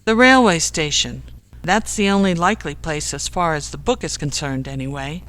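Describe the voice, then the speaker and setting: A storybook narrator voicing a flustered, sarcastic grown man, one of three friends, who splutters and grumbles, raised in pitch and loudness. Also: normal speed, natural voice. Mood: exasperated. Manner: sarcastic, exasperated.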